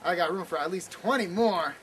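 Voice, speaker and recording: A man's voice: high-pitched, fairly quick, a bit bright. A man voicing a desperate married man craving beans, talking frantically to himself with stammered repeats. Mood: frantic. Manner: frantic, stammering self-talk. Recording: noisy outdoor recording.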